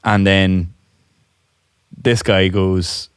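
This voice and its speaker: A young man co-hosting a podcast, telling a story in casual chat, animated and laughing often. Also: low-pitched, very slow, clear, resonant tone, no echo, studio quality. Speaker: podcast co-host.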